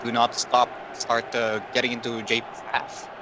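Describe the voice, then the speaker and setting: A relaxed man chats through his analysis as a co-commentator on a video game football match. His voice sits at a middle pitch. Clear noise runs under the recording. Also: moderate pace. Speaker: color commentator. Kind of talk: casual esports co-commentary.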